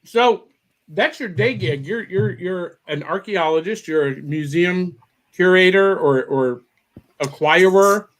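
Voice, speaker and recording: Upbeat high-voiced podcast host. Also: male voice, takes it slowly. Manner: upbeat and excitable, repeats himself. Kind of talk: casual chat.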